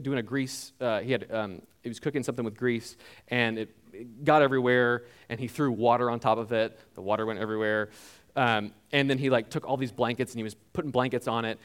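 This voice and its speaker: A man preaching a sermon in a conversational, animated way, with frequent filler words. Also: mid-range voice, clear, resonant tone. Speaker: pastor.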